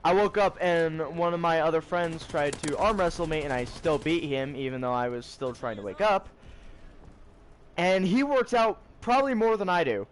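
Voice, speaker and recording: A teenage boy chatting casually to his vlog audience, tired and rambling, with excitable bursts. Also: on the high side, normal speed, slight background noise. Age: teens. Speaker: high school student vlogger.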